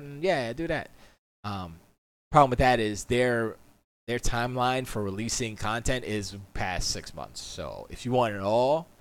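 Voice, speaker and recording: A man rambles through casual stream chat from his home studio, opinionated and quick to mock what others say. His pitch swings lively up and down. The sound is close and dry, with no room around it. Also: no echo.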